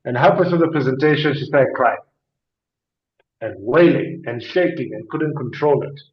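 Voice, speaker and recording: A man's voice: mid-range voice, moderate pace, echoey room, muffled recording. A man speaking as a guest on a talk show, explaining mental health earnestly and emphatically, with rhetorical questions and storytelling.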